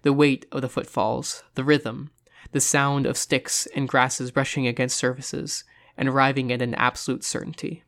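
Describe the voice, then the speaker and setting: A narrator reading a horror story aloud in a measured, suspenseful manner. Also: medium pitch, level tone, a bit bright. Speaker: audiobook narrator.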